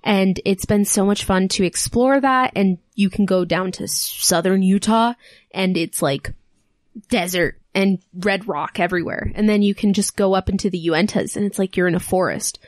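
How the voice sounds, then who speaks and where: A woman's voice: mid-range voice, moderate pace, dry recording, studio quality. A young woman tattoo artist chatting as a podcast guest, talking in a sentimental way with frequent laughs. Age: young adult. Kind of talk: casual interview chat.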